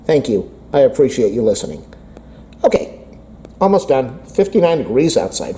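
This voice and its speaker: A very animated man vlogs about a phone update, rambling and running himself down as if speaking to himself. His medium-pitched, dark-toned voice moves at a moderate pace, recorded roughly on a camera mic from across an indoor room.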